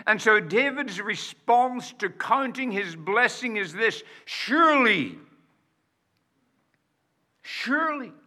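A man preaching a sermon in a slow, emphatic way, with dramatic pauses and rhetorical questions to the congregation. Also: high-pitched, lively intonation, bright, forceful tone.

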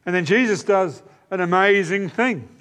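Man, pastor, sermon, emphatic, repeats key phrases, somewhat high pitch. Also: animated, normal speed, a bit bright, clear, resonant tone.

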